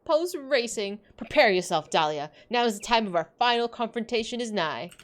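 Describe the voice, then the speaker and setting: A woman's voice: high voice, sing-song, normal speed, voice pushed up. A woman voicing a boastful, swaggering male warrior, with a grand, theatrical delivery. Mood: grandiose.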